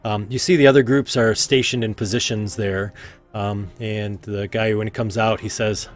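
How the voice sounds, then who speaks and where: A man's voice: fairly low pitch, fairly even intonation, normal speed, soft background music. A man narrating as game master in a loose, rambling way with many fillers. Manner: loose, full of fillers and hedging "kinda".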